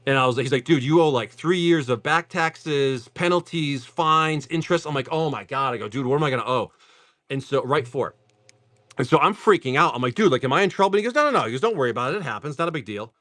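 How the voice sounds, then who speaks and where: A man's voice: medium pitch, fast talker. A man chatting casually on a livestream, telling a long story in a chatty style full of "dude" and "like". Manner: chatty and animated, says "dude" and "like" often. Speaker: livestream card seller. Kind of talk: casual storytelling while opening card packs.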